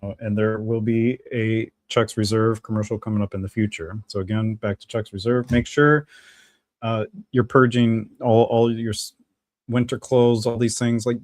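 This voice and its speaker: A man's voice: on the low side, darkish tone, no echo. A man hosting a live stream, chatting casually in a rambling, ad-libbed, jokey way.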